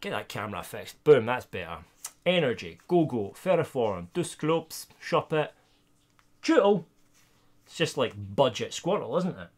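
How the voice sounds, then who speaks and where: This Scottish live-streamer cracks open trading card packs, talking to viewers in a casual way at a normal speed. His voice sits mid-range, and good pulls make him loud and excited.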